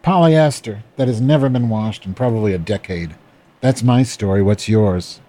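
A man's voice: on the low side, normal speed, dark tone. A man in Chicago, a podcast host in a drag persona, reads a legal document aloud for comedy. He trips over words, restarts them, and breaks off for wry asides to his audience.

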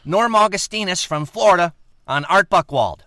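A man delivering a mock news report as a correspondent, with a clipped, bright delivery. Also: sits high, expressive, moderate pace, no echo.

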